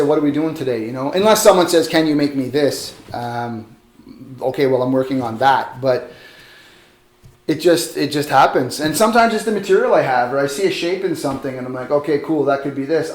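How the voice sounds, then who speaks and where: Male sculptor, middle pitch, easygoing and self-deprecating, echoey workshop. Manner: relaxed, rambling, self-deprecating. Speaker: metal sculptor. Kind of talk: casual interview. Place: metal workshop. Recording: roomy echo.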